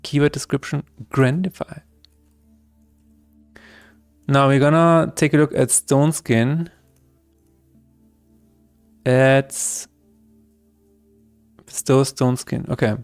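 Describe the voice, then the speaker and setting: A man chats casually while he works, often breaking into laughter. His voice is smooth and clear, at a middle pitch for a man. Faint music plays behind him. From Austria. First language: German. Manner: chatty, laughs often, reads chat aloud. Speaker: game developer streamer. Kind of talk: casual livestream chat.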